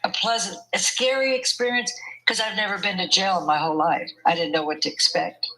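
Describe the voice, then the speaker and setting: A woman's voice: medium pitch, steady tone, a little fast, bright, forceful tone, low-quality recording. An older woman telling her story in an interview, chatty and often laughing as she talks. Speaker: interview guest. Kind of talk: conversational storytelling.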